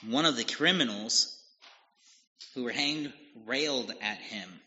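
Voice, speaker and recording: A man preaching a sermon, slowly retelling a scripture passage and explaining it, in a deliberate manner. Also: medium pitch, sharp tone. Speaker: pastor. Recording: dull lo-fi audio with long hall reverb.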